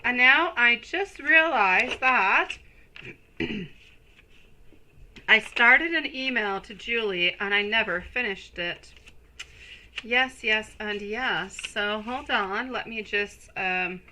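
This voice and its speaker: A woman hosting a live tarot reading stream, speaking slowly and affectionately to her viewers. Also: on the high side, sharp tone, a little hiss or hum, rough recording. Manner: slow, soothing, affectionate toward viewers.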